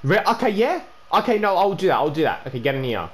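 A man's voice: high-pitched, big pitch swings, fast talker, a loud crowd. A young man, a gaming YouTuber, chatting casually during an online trade prank, stammering and repeating himself and calling the other player "bro" and "man".

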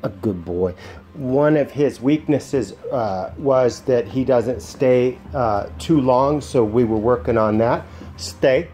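Soft-spoken man training a dog. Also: mid-range voice, slow pace, soft background music. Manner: soft, soothing praise with firm short commands. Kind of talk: casual training demonstration. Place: indoors at home.

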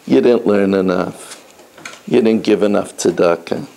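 A man voicing God as a sorrowful, gentle judge, speaking slowly and consolingly to a soul. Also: on the low side, gravelly, voice pushed down, rough recording. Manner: slow, sad, consoling.

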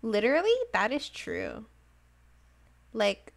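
A woman's voice: mid-range voice, wildly swooping pitch, slow, creaky, long pauses. A woman streaming a game live, chatting casually and giggling often, with lots of "like" fillers. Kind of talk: casual livestream chat while playing a game.

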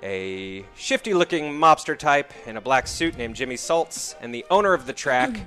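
Man, game master narration, relaxed, filler words, medium pitch, soft music bed. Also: moderate pace. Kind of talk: narrating a tabletop horror game.

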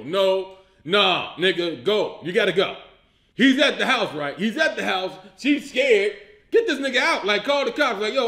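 High-voiced man ranting loudly, profane. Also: echoey room. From Illinois. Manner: loud, profane, incredulous ranting with laughs. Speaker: comedian host. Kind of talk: animated comedic movie rant.

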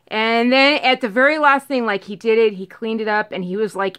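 A woman casually telling a storytime on her vlog, rambling and animated, acting out what everyone said. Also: on the high side, a little fast, hardly any pauses, smooth. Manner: rambling, animated retelling full of "like" and acted-out quotes. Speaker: vlogger telling a storytime about her cat.

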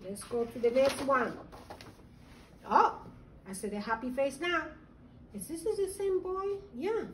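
High-voiced teacher in an echoey room. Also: female voice, a little slow, far from the mic, slight background noise. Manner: animated, acts out the children's feelings. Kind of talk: reading a social-emotional lesson to young children. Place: classroom.

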